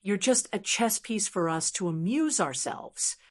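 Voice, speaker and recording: A woman's voice: medium pitch, lively intonation, a little slow. A woman voicing a cruel, mocking male demon who taunts and coldly commands in an audiobook. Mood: gloating.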